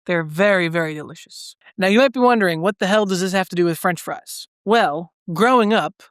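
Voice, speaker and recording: Brisk and smooth, this man's voice sits high with a fairly bright tone, recorded at studio quality with no room sound. As a podcast co-host, he chats casually, rambling loosely through his stories and filling them with "like."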